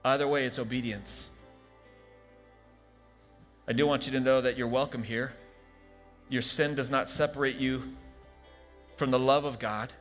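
A male pastor leading an altar call and praying scripture over a congregation, moving from soft, hushed invitation to fervent proclamation. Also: mid-range voice, fairly even intonation, unhurried, pauses often. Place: church sanctuary. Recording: large hall reverb with soft music behind.

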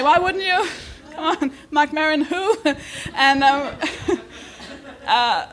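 Live podcast host, woman, high giggly voice, swears, self-deprecating. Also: slow, a bit bright. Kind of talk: live podcast chat before an audience.

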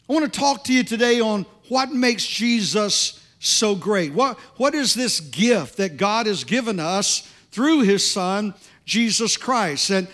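High-voiced man preaching a sermon. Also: moderate pace, fairly bright tone. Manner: conversational storytelling with jokes and restarts. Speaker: pastor.

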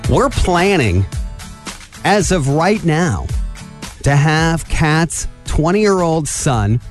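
A man's voice: on the high side, very animated, extremely slow, soft background music. A man hosting a morning radio show, bantering casually and chuckling at his own puns in a studio.

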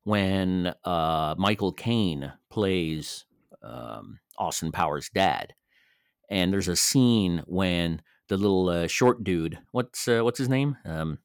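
A man's voice: sits low, lively intonation, slow pace, gravelly, clean tone, no room sound, studio quality. A man co-hosting a comedy podcast in casual chat, rambling and joking with plenty of fillers. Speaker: podcast co-host.

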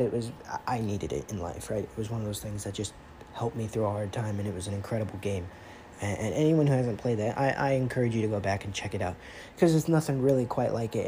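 Man, mellow voice, rambling casual gaming monologue, faint hiss behind. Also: on the low side, low-quality recording. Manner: rambling, conversational, frequent fillers and restarts. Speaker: gaming commentary host.

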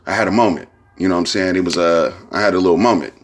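A man's voice: low voice, rapid-fire, a little hiss or hum. Rambling Bay man podcasting. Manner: rambling, heavy slang and profanity, repeats "you know what I'm saying". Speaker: podcast host. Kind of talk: casual solo podcast monologue.

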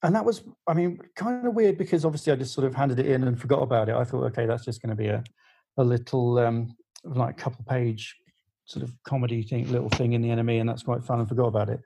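Rambling storyteller, husky and mellow. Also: male voice, mid-range voice, fast, rough recording. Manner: rambling storyteller with many fillers and restarts. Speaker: music journalist guest. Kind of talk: casual podcast anecdote.

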